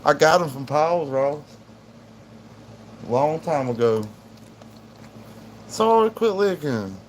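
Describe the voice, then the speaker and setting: A man's voice: fairly high pitch, lively intonation, slow pace, a little hiss or hum. A man chatting casually on a livestream, rambling in a laid-back way to his viewers and his dog at home. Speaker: livestream host.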